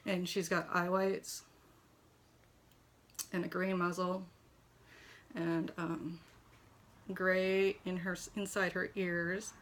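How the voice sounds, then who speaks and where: Speaking slowly with long pauses, this woman has a fairly low, level-toned voice. She's a toy shop owner in her home kitchen, casually gushing over a collectible model horse and using plenty of fillers.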